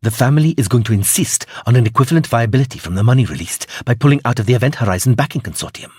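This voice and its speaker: A man's voice: medium pitch, animated, racing, a little mellow, husky, no echo, studio quality. A man doing an earnest investor. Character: earnest African investor in robes.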